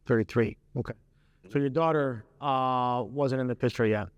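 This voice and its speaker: A man's voice: mid-range voice, moderate pace, clean tone, no room sound, big-room sound, lo-fi sound. A man hosting an interview, asking earnest, probing questions and fumbling for words as he thinks. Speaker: host. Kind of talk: conversational interview.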